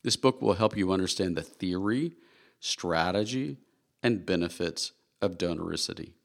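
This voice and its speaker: A man's voice: deep voice, animated, normal speed, vocal fry. A man reading his own nonfiction book aloud in an earnest, conversational storytelling way. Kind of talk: scripted audiobook narration.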